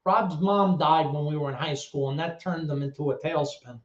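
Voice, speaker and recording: A man's voice: fairly high pitch, moderate pace. A man with a New York accent telling personal stories in a rambling, profane way, full of fillers and restarts. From the Bronx, New York. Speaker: guest. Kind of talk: casual personal storytelling. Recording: roomy, dull lo-fi sound.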